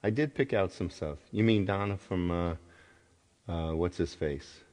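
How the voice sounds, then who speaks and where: A man's voice: deep voice, unhurried, darkish tone. A middle-aged man hosting a casual livestream, chatting to viewers and scolding them in mock sternness, with many restarts. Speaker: livestream host and singer.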